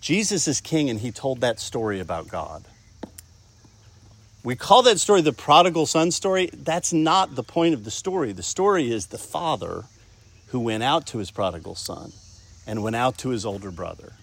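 A man's voice: mid-range voice, very animated, normal speed, slight background noise. A man preaching a sermon, talking conversationally and often asking the congregation questions. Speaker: pastor.

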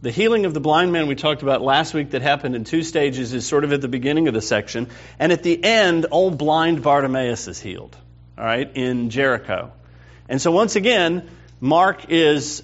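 A man teaching a Bible class in a conversational, animated way, often checking with the group. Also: a little high, moderate pace. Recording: dull lo-fi recording.

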